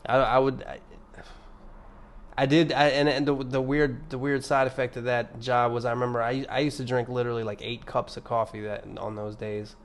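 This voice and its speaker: A young man talks alone on his podcast at a middle pitch, rambling and cursing freely as he restarts his sentences. His tone is sardonic. He swings from loud, emphatic bursts down to low, mumbled asides. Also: level tone, normal speed. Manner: rambling, profane, restarts often. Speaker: podcast host. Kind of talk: casual solo podcast monologue.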